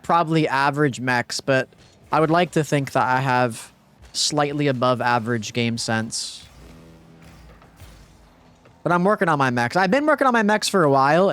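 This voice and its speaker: A young man streaming a game live, talking casually to his chat and teammate, muttering and then bursting into frustrated outbursts. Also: on the high side. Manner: swings between muttered calm and frustrated outbursts. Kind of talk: live gameplay streaming commentary.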